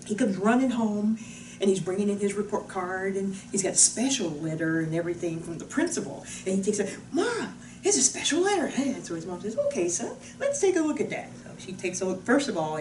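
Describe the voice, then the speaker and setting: A woman who works as a wellness trainer, telling a story to the camera in a casual, animated way. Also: far from the mic. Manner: animated, swings into loud high-pitched voices for quotes. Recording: echoey room from off the mic with faint noise.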